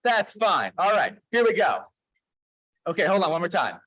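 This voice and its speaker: Very high-voiced playful man. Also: sing-song, fairly bright tone, rough recording. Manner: playful, encouraging, quick back-and-forth with the crowd. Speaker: service leader and storyteller. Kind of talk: leading a holiday service with a participatory story. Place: dim room at a congregation gathering.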